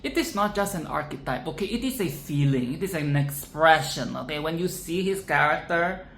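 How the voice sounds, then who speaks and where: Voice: medium pitch, moderate pace, gravelly, slight background noise. Dramatic, profane film-reaction vlogger. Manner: dramatic, animated and profane, repeats phrases for emphasis. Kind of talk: casual film commentary. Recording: roomy echo with faint ambience.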